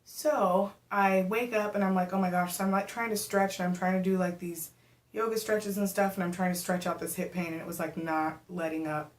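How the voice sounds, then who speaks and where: A young adult woman vlogging casually, telling a story to the camera in a chatty, animated way with lots of fillers. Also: lowish voice, brisk, slight background noise. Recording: echoey room.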